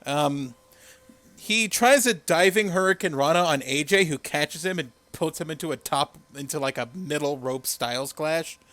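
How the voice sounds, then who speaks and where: A man's voice: a little high, moderate pace, a bit bright, dry recording. A man co-hosting a podcast, casually recapping wrestling with lots of laughs and swearing. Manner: profane, laughing, recaps matches. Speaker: podcast co-host.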